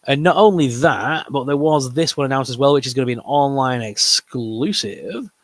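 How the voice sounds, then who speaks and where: A man with a northern English accent chats about toys in a loose, rambling way, humming to himself between topics. His voice sits in an ordinary middle pitch, and the recording is close and dry with no room sound. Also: lively intonation, normal speed, dry recording. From northern England. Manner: rambling, upbeat, trails off humming. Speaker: co-host of a toy news show. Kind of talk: casual live chat.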